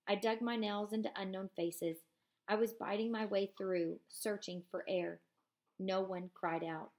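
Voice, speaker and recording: Gravelly-voiced teacher reading aloud. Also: female voice, medium pitch, steady tone, a little mellow. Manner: measured reading, casual asides. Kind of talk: reading a novel aloud with comments.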